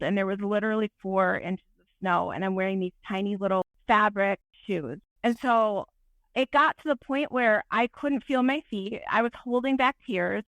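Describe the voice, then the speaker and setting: On a podcast, a female photographer tells an animated, self-deprecating story in casual interview talk. Her voice sits on the high side, and the recording is dry.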